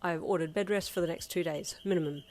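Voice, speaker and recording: In a fan fiction audio reading, a woman voices a caring teenage boy who talks in careful, formal phrases. He is polite and a little stiff, and his voice stays soft and steady. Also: lowish voice, quick pace, close to an everyday voice. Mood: gentle.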